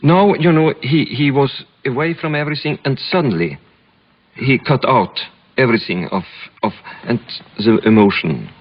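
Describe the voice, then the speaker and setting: A man from Sweden, a film director being interviewed, speaking English with a Swedish accent and pausing often to find his words. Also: medium pitch, husky. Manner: halting, searching for English words. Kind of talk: reflective interview storytelling. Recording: dull lo-fi archival recording.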